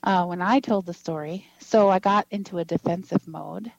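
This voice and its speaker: A woman's voice: lowish voice, moderate pace, creaky, dry recording. A woman in her fifties telling a personal story in a casual interview, acting out quoted dialogue and laughing often. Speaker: guest. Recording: dull lo-fi dry recording.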